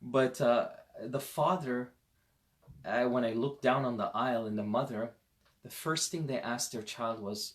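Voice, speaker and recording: Man, Islamic teacher, mid-pitched; conversational, animated lecturing, direct to parents. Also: unhurried. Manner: animated storyteller, swings between loud emphasis and quiet asides. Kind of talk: parenting lecture on a Quran verse.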